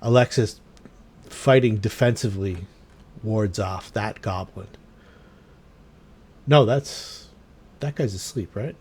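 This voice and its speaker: A man's voice: fairly low pitch, takes it slowly, pauses often, darkish tone, slightly rough. A man running a tabletop game as game master, narrating the enemies' moves and thinking aloud with fillers.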